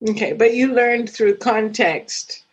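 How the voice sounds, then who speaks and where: A woman's voice: on the high side, slow pace, slightly rough, highs cut off. A woman hosting a casual interview, asking short follow-up questions. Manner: asks brief follow-up questions.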